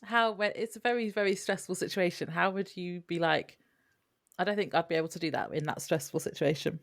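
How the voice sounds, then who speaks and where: A woman co-hosting a casual podcast. She jokes and laughs often. Her speech is relaxed and chatty. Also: fairly low pitch, fairly quick, gravelly. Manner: laughing, joking. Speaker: podcast co-host. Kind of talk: casual chat.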